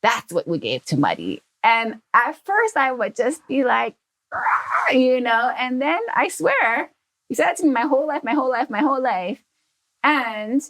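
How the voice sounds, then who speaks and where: A woman, a podcast guest, telling a childhood story in a casual, animated way. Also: on the high side. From Hawaii. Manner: animated storyteller who acts out quoted family members.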